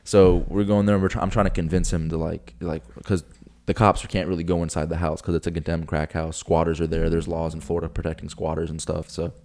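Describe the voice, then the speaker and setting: A young man, a podcast co-host, telling a story in casual chat, animated and swearing, acting out quotes. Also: deep voice, a little fast, hardly any pauses. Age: young adult.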